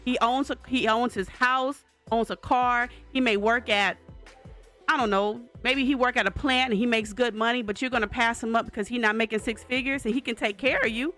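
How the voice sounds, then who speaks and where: Earnest Southern woman co-host, slightly high. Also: fairly even intonation, a little fast, a bit bright, faint music behind. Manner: earnest, reasoning, a few restarts. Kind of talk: casual group chat.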